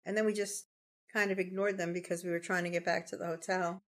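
A woman's voice: fairly low pitch, flat delivery, fast talker. Chatty woman with a New York accent. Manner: storytelling, chatty. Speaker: podcast co-host. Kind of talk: casual chat.

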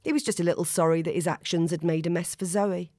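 Low-voiced woman narrating a story. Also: fast talker, dry recording, studio quality. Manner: steady, expressive reading. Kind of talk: audiobook narration.

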